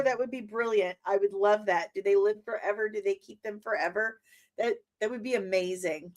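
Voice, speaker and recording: A woman in her forties hosting a casual reaction to a trailer, animated and exclamatory with mock outrage. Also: medium pitch, normal speed. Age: 40s.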